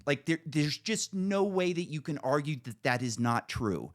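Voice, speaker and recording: A man's voice: a little high, animated, normal speed, hardly any pauses. A man hosting a podcast, chatting casually and laid-back, filling his talk with "like" and "dude". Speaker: podcast host. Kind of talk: casual interview chat.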